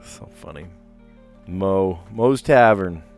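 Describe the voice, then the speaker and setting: A man's voice: low-pitched, expressive, slow, vocal fry, a little mellow, faint music behind. A man hosting a casual livestream, reading puzzle clues aloud and drifting into chatty, amused asides. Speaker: livestream host solving word puzzles.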